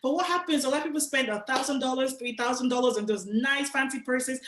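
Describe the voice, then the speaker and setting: A young woman from Nigeria giving a casual, animated motivational talk to an audience, speaking directly and with slang. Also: high voice, quick pace, reverberant. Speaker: guest speaker.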